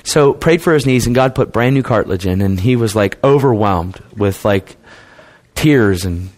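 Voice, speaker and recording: A man's voice: on the low side, animated, moderate pace, a little mellow. A man preaching a testimony sermon in a casual, conversational way, acting out the people in his stories in dialogue. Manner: acts out quoted people in dialogue.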